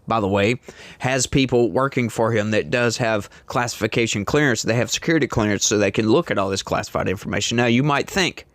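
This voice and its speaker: A man's voice: lowish voice, brisk, fairly bright tone, dry recording. A man hosting a casual political commentary show, speaking emphatically and indignantly straight to his viewers.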